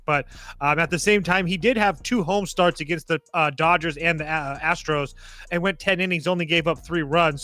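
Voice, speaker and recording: A man's voice: on the high side, sharp tone, dry recording. A man co-hosting a live betting show, working through a matchup in an analytical way with many fillers. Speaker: sports betting co-host. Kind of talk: casual live-stream betting talk.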